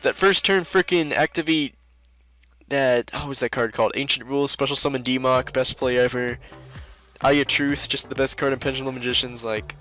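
A man's voice: mid-range voice, fairly bright tone. A man commentating a card game video in a casual, exasperated and sarcastic way, laughing often. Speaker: video host and duel commentator.

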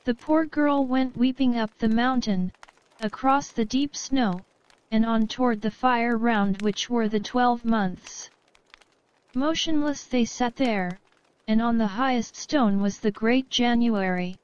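A woman narrating a children's fairy tale in a slow, even storybook reading. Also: a little high, highs cut off.

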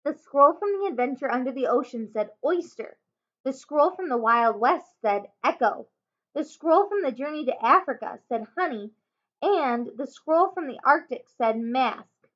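A woman teacher reading a children's chapter book aloud, expressive, with small slips and self-corrections. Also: high-pitched, a little slow. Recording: dull lo-fi home recording.

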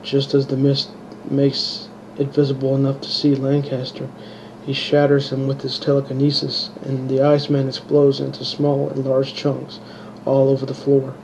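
Monotone man reading his own story. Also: mid-range voice, vocal fry. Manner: halting, restarts words. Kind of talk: amateur audiobook reading. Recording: dull lo-fi home recording with faint hiss.

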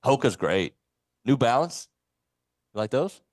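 A man's voice: medium pitch, a little slow, no room sound, studio quality. A man co-hosting a sports radio show, talking football casually and reading live sponsor spots. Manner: animated, reads live sponsor reads. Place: radio studio.

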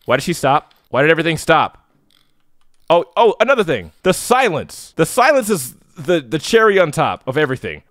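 A man playing a horror game and commenting nervously, yelling when scared and joking to cover his fear. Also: a little high, very animated, moderate pace, no room sound, clean studio sound. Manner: yells and screams when scared. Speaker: let's play gamer.

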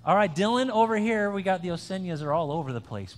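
A man with a high voice preaches a conversational sermon in a church sanctuary. He talks in a chatty, joking way and often restarts his sentences. A long hall reverb trails each phrase. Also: fast talker, a little hiss or hum. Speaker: pastor. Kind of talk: conversational sermon with an interactive quiz.

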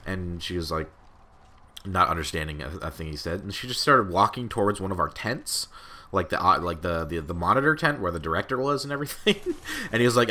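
A man's voice: deep voice, lively intonation, fast, bright, forceful tone. A young man rambling through casual gameplay commentary, swearing often and filling his talk with "like" and "uh". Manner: rambling and profane, heavy with fillers. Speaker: gaming channel host.

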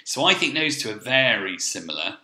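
A male primary school teacher gives a recorded remote reading lesson. He is encouraging, thinks out loud, and checks in with "okay?". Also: mid-range voice, very animated, brisk, reverberant. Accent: English.

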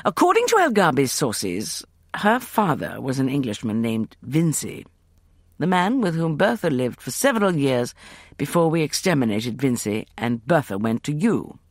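A man narrating an audiobook novel in a measured storytelling manner, close to the microphone. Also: medium pitch, very animated, no room sound.

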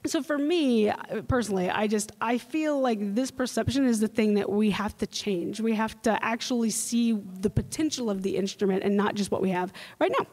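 A young woman giving a playful, animated panel talk as a trombonist at a convention. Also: mid-range voice, normal speed, few pauses. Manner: animated, playful, mimics voices. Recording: reverberant hall.

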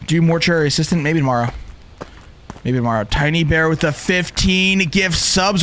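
A young man streaming a video game with excited, animated commentary, often firing the same questions again and again. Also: on the high side, moderate pace, a little hiss or hum. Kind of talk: live gameplay commentary.

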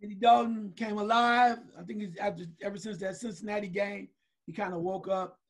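A man co-hosting a sports talk show, joking in an animated way with a husky voice. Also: high voice, a little fast. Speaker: co-host.

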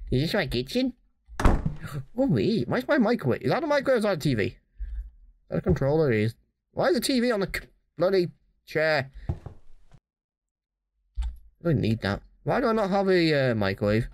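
A man giving dry, deadpan let's play commentary while playing a horror game. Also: fairly high pitch, fairly quick, long pauses, slight background noise.

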